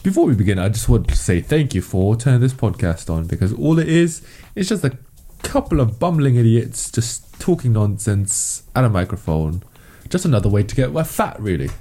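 A young man co-hosting a casual podcast from home, joking about himself and pausing often with "um". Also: medium pitch, expressive, dark tone, soft background music. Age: young adult. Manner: self-mocking, hesitant with many ums. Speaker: podcast co-host. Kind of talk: casual chat. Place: bedroom hung with blankets.

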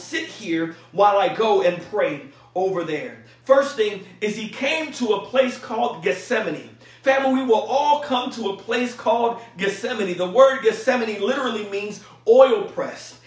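A man preaching a sermon as pastor, fervent and calling out to his congregation, at times rising to shouts. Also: high-pitched, distant mic. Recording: echoey room, voice from off-mic.

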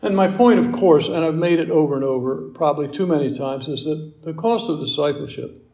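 A man's voice: on the high side, gravelly, mellow, roomy sound. A man preaching a sermon as pastor, building emphasis with repeated rhetorical questions.

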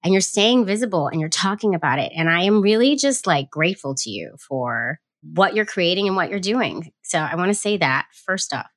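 A woman's voice: on the low side, expressive, normal speed, hardly any pauses, fairly bright tone, dry recording. A woman hosting a podcast, bubbly and effusive, talking close to the mic. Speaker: podcast host. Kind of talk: enthusiastic podcast interview.

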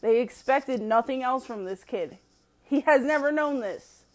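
A woman's voice: high voice, unhurried. A woman giving a casual opinion monologue, emphatic and profane, laughing often as she talks. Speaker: commentator.

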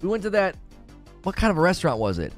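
A man's voice: high-pitched, wildly swooping pitch, fast, faint music behind. A man hosting a live stream, reading chat aloud and ranting sarcastically about the news. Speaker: livestream host.

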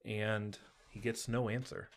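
A man's voice: lowish voice, little pitch movement, measured pace. A man co-hosting a podcast, steadily retelling a TV episode's plot in casual chat. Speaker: podcast co-host. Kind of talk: casual TV recap narration.

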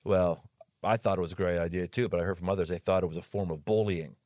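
A man hosting a podcast as a pastor, talking in an energetic, jokey way and laughing readily. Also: low voice, fast talker, no room sound, clean studio sound. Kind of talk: casual interview chat.

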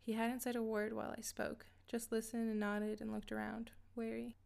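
A woman reading a scripted first-person story in a steady, even way. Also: on the high side, brisk, vocal fry, few pauses. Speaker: narrator.

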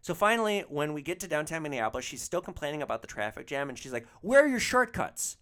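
A man's voice: a little high, animated, rapid-fire, a bit bright. A man who drove rideshare, hosting a podcast and telling a comic story in a profane, exasperated way. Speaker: rideshare driver, podcast host.

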